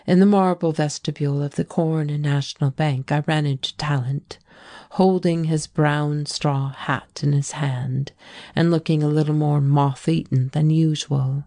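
Woman, low voice, slow measured audiobook reading, dry close sound. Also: fairly even intonation, dark tone, no room sound. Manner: measured, unhurried literary reading. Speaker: audiobook narrator. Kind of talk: audiobook reading of a classic novel.

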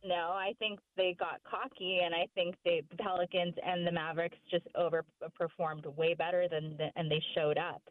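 A woman's voice: on the low side, level tone, normal speed, few pauses, no room sound. A young woman guest on a podcast, chatting casually, rambling and swearing a lot as she vents about her team. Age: young adult. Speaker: podcast guest, sports fan. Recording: thin phone-like call audio.

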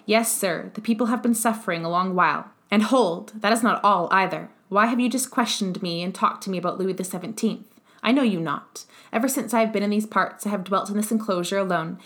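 A woman reading a dying old revolutionary, measured and even. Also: mid-range voice, lightly acted. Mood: indignant. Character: dying old male revolutionary, bitter and fierce. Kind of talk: audiobook character reading.

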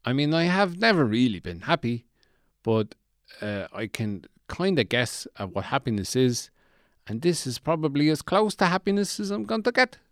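A man's voice: fairly high pitch, sing-song, normal speed, no echo, pitched above the performer's own voice. A deluded, gloomy oddball voiced by a man who rambles on in a lifted voice. He meanders, self-pitying but oddly chirpy. The sound is dry and close. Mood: rambling. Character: deluded, gloomy Irish man guarding a mansion from a shed.

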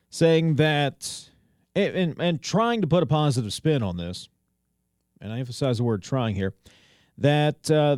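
A man's voice: on the high side, a little mellow, no echo. A man hosting a local talk radio show, reading headlines and commenting in a conversational way with wry asides. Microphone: studio microphone. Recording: dry studio sound.

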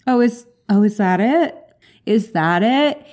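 A woman co-host in casual chat, reacting with quick jokes, laughs and a lot of swearing. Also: medium pitch, animated, darkish tone. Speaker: podcast co-host.

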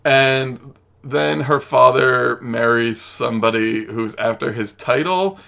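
A man's voice: mid-range voice, slow, creaky, fairly bright tone. A man co-hosting a casual movie chat, rambling and wry, with lots of fillers. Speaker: podcast co-host.

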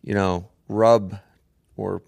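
A man's voice: on the low side, level tone, very slow, creaky, a little mellow. A man in a casual podcast interview as the guest coach, easygoing and trailing into restarts.

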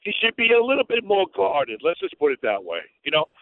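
A high-voiced male caller rattles along quickly, full of fillers and hesitations. His voice is dry and squeezed through a tinny phone line. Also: huge pitch swings.

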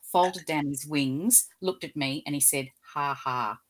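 A woman, an animal communicator, telling gentle, earnest stories in an interview and acting out the quotes. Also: low-pitched, a little slow. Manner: gentle, earnest storyteller who acts out quotes. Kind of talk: storytelling interview chat.

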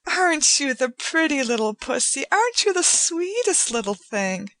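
A woman's voice: high voice, animated, unhurried, fairly bright tone, dry recording, pitched above the performer's own voice. Woman doing a gushing, cooing young lady. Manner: breathless, sing-song cooing.

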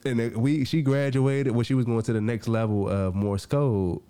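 A man hosting a podcast, telling a personal story in a casual, animated way, acting out what people said and laughing often. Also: medium pitch, moderate pace, smooth. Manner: animated, acts out quoted lines, laughs often. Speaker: podcast host.

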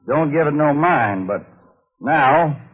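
A folksy cowboy film star drawls in a husky, lilting voice. His country slang comes slow, and his pitch rises and falls a lot. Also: expressive, a bit bright, exaggerated voice, poor audio. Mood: wheedling drawl. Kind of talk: 1940s radio acting.

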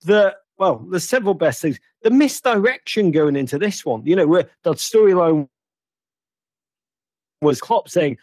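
A man's voice: on the high side, big pitch swings, moderate pace, a little mellow, husky, no room sound, studio quality. A man hosting a football chat, telling stories theatrically and teasing his caller playfully. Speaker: host.

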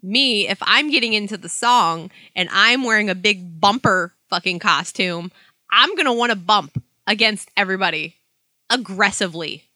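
A young adult woman in casual chat, cursing freely and telling animated stories. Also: medium pitch, normal speed, no room sound. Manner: profane, animated storytelling.

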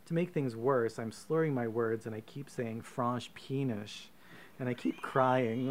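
A man co-hosting a podcast, reading a profane, comic choose-your-own-adventure story aloud with deadpan asides. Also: medium pitch, a little slow, a little hiss or hum. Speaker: podcast co-host.

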